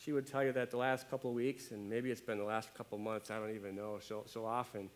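A man preaching a sermon as pastor, conversational and animated, often checking in with his listeners. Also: fairly low pitch, quick pace. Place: church.

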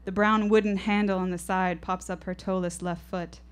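A woman's voice: medium pitch, level tone, moderate pace, smooth. A woman in her twenties telling a first-person story on stage, vivid and reflective. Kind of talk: live storytelling performance. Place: stage at a live show.

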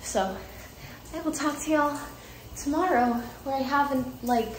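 A woman's voice: high-pitched, unhurried. A young woman vlogging at home at night in casual chat, rambling and correcting herself. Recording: roomy with faint noise.

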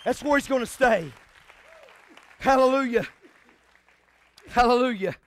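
A man preaching an impassioned sermon, shouting out exclamations, then dropping to hushed asides. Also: very high voice, a little slow, some chatter behind. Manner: call-and-response exclamations. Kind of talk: fiery sermon.

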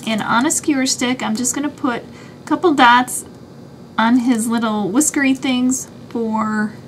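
A woman's voice: fairly high pitch, steady tone, measured pace, a little hiss or hum. A woman hosting a craft tutorial, chatting through each step as she works with her hands. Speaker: craft channel host.

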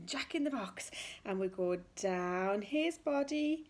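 A woman teaching small children their letter sounds in a slow, sing-song, encouraging way. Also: mid-range voice, animated. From England. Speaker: nursery teacher. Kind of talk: children's phonics lesson.

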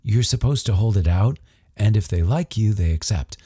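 A man's voice: on the low side, animated, moderate pace, mellow, breathy edge, no echo, studio quality. A man voicing a confident, guarded teenage boy with a wry, matter-of-fact way of talking.

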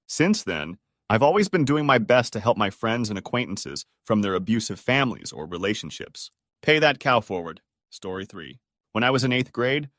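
A man reads out short personal stories in a scripted narration, keeping an even, steady pace from one to the next. His voice sits at an ordinary middle pitch and comes across close and dry, with no room sound around it. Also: dry recording.

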